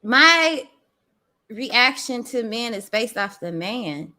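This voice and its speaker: Candid woman guest, playful and animated. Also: on the high side, takes it slowly. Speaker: content creator guest. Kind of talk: casual chat.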